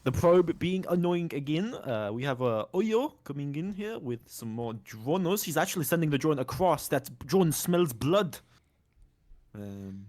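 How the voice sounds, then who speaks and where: A man's voice: medium pitch, darkish tone. A British man casting a strategy game with casual, joking banter. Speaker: esports caster.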